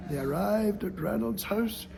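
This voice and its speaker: High, gravelly storyteller man. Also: a little slow, a crowd in the background. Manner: lively, playful, with sound effects and sudden hushes. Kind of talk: oral folk storytelling.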